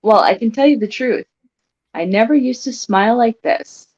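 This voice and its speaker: A woman's voice: on the high side, moderate pace, a little mellow. A woman chatting casually on a livestream, giggly, upbeat and self-deprecating. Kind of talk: casual chat. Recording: slightly muffled audio.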